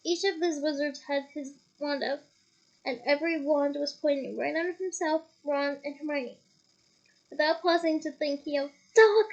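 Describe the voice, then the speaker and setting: A woman reading a novel aloud, lively, breaking off now and then for playful comments. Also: sits high, moderate pace, dull audio. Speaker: audiobook reader.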